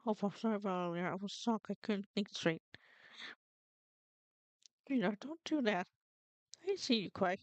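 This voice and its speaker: A woman's voice: mid-range voice, expressive, normal speed, pauses often, no room sound, pitched below the performer's own voice, lightly acted. A woman voicing a shaken young man who is about to become a father, speaking in an earnest, apologetic way while reading a fan story aloud.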